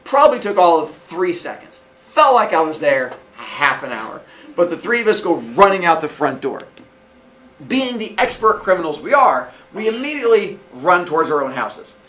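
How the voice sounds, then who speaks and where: A man in his forties telling a childhood story casually, animated and laughing often, acting out quotes in a high voice. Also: normal speed, recorded from a distance. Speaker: podcast host.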